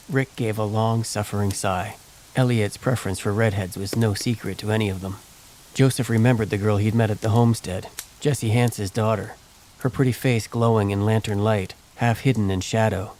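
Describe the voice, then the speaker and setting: A man narrating a western novel as an audiobook, steady and measured. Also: fairly low pitch, a little hiss or hum, rough recording. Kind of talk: scripted narration.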